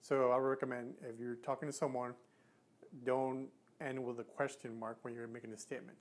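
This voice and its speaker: Man, advice talk, earnest, mid-pitched voice, restarts a lot. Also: fairly even intonation, fast. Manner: earnest, advising, with frequent restarts and demonstrations. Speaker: communication coach. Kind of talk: instructional talk to camera.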